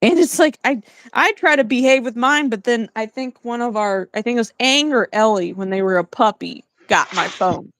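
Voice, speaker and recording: A woman with a fairly high voice chats casually on a home livestream. She teases her co-host and tells animated stories, laughing often. The sound is dry and close. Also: normal speed, hardly any pauses, no echo. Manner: teasing, animated storyteller who laughs often.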